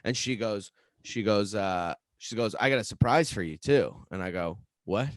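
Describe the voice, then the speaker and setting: A man's voice: lowish voice, normal speed, no room sound. A young man co-hosting a podcast, telling a long story in casual chat with lots of swearing. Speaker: podcast co-host.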